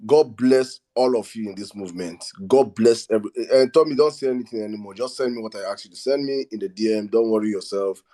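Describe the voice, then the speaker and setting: Excited Nigerian man hyping a live sale. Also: medium pitch, fast talker, hardly any pauses. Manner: energetic, repetitive, pleading with listeners. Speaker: host of an online audio space. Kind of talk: excited live fundraising hype.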